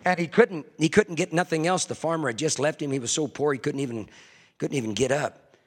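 A man preaching a sermon fervently, swinging from hushed confession to ringing shouts. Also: fairly high pitch, a little fast.

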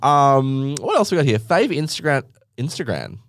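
A man co-hosting a casual chat, gossipy and joking, quick to laugh. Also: mid-range voice, big pitch swings, no room sound, clean studio sound. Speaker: podcast co-host.

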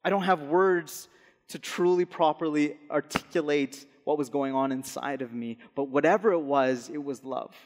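Young male pastor, fairly high voice, earnest sermon delivery, long hall reverb. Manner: earnest, slow and soft on key phrases. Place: church hall.

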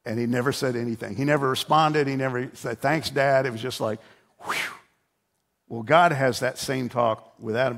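A man's voice: mid-range voice, creaky. A middle-aged man preaching a sermon in a conversational, humorous storytelling way, often restarting his words. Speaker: pastor.

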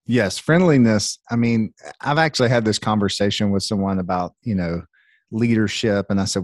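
A man's voice: fairly low pitch, moderate pace, no room sound. Southern US male podcast host; chatty, filler-heavy, friendly delivery; dry recording. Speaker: podcast host and business leader. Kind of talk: casual podcast conversation.

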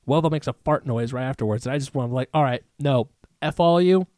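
A man's voice: medium pitch, fast, warm tone, no room sound, clean studio sound. A man co-hosting a casual podcast who rants with exasperation. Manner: exasperated ranting. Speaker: podcast co-host. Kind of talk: casual chat.

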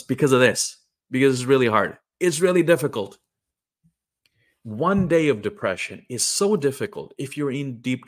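Brief: young adult man, raw earnest monologue, halting delivery, mid-range pitch. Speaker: online creator sharing personal story. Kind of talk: candid personal monologue.

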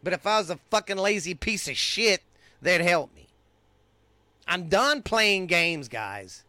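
A man's voice: sits high, very animated, unhurried, bright, forceful tone, no room sound. A middle-aged man with a Texan accent, hosting a podcast and delivering an angry, profane rant in his own voice. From United States. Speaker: podcast host. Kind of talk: ranting monologue.

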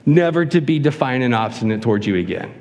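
A man preaching a sermon to a congregation, acting out whiny voices with a raised pitch. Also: lively intonation, fast, a little mellow. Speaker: pastor. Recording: long hall reverb.

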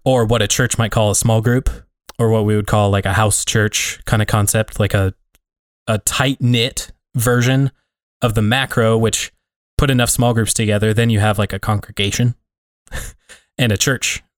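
A man's voice: lowish voice, steady tone, moderate pace, dry recording, studio quality. A man co-hosting a podcast, talking in a reflective, rambling way full of fillers. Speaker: podcast co-host. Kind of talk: casual conversation.

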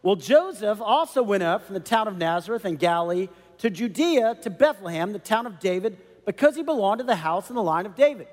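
A man preaching a sermon as a pastor, animated and conversational, with many asides to the congregation. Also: sits high, fairly quick, hardly any pauses, in a large hall.

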